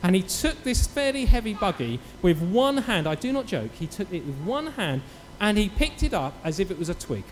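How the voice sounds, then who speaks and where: Man, church preacher, animated sermon storytelling, bright high pitch, faint room ambience. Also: moderate pace, hardly any pauses, big-room sound, a little hiss or hum. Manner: animated storytelling with acted quotes. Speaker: pastor.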